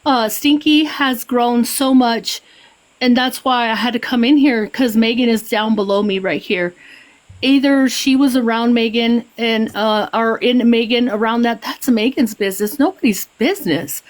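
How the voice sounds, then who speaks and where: Upset woman, halting speech. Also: fairly high pitch, low-quality recording. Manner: emotional, halting, repeats herself. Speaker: livestream participant. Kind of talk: heated livestream argument.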